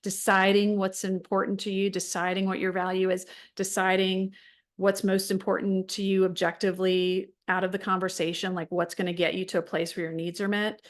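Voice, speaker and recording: A woman's voice: medium pitch, flat delivery, moderate pace. A middle-aged woman leading a wellness support group, talking casually and frankly with many fillers and restarts. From United States.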